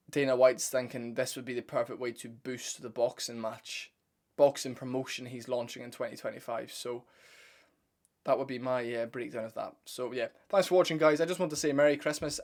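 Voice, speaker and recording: Hosting an MMA commentary channel, this young man speaks directly to his viewers in a casual, blunt and opinionated breakdown. His pitch is ordinary mid-range and a little mellow, and he rambles, restarts sentences and drops the odd swear word.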